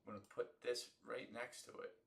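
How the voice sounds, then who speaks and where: An American man hosts a live football watch-along, rambling and swearing in an excitable flow. His voice sits mid-range. The room around him is echoey. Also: mid-range voice, a little fast, creaky. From United States. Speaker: host of an alternate sports broadcast.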